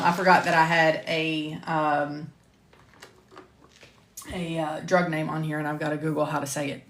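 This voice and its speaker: A woman's voice: sits low, a little hiss or hum. Southern-accented woman reading a lecture. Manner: reads slides carefully, then chats with self-deprecating asides and laughter. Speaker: medical coding instructor. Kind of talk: recording a scripted lecture on a live stream.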